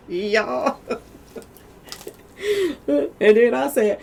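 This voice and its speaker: A woman with a slightly squeaky voice in a casual commentary monologue, candid and colloquial, who laughs often and keeps asking her viewers "okay, y'all?". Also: lively intonation, normal speed, creaky, husky. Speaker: commentary vlogger.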